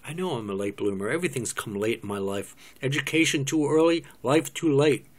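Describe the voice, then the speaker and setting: A man's voice: mid-range voice, animated, brisk, close to an everyday voice. A man voicing an awkward, naive male schoolteacher in love, in a cold reading of a stage script. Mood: sheepish. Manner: hesitant, fumbling confession.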